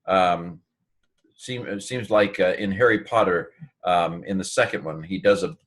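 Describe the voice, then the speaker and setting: Halting low-voiced male teacher. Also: a bit bright. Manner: halting, full of fillers and restarts, thinks aloud. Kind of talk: informal Greek lesson.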